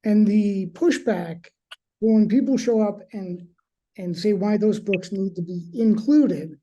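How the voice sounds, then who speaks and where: A woman's voice: medium pitch, slow pace, warm tone, dull audio. A woman hosting a discussion, hesitant and thinking aloud with many fillers. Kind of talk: discussion talk.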